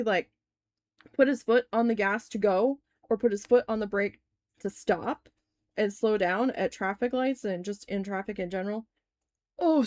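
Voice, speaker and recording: A woman's voice: fairly high pitch, a little mellow, no room sound. Candid woman telling a story, swearing freely. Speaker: crafting vlogger telling a story. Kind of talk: casual storytelling while crafting.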